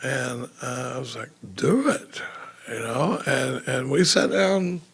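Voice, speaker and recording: A man's voice: mid-range voice, expressive, measured pace, fairly bright tone. A man speaking at a recovery retreat, telling a self-mocking story to a live audience with many restarts. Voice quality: gravelly, raspy. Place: retreat meeting room with audience.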